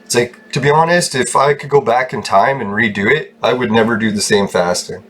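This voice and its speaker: In a casual stream from home, a man rants furiously about his game, cursing throughout and rambling on. He speaks briskly in a medium pitch, a bit bright with a breathy edge.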